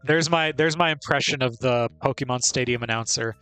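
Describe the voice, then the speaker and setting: A man's voice: medium pitch, a little fast, pushed and bright, clean tone, dry recording, faint music behind. A man streaming a video game, chatting casually and playfully and laughing often. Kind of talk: casual gameplay commentary.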